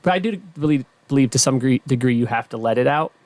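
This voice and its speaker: A man's voice: medium pitch, fast talker, a little mellow, dry recording. A man hosting a podcast, chatting casually and explaining ideas to the audience in a conversational way. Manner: conversational, explaining, reassuring asides. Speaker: podcast host. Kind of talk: casual interview chat.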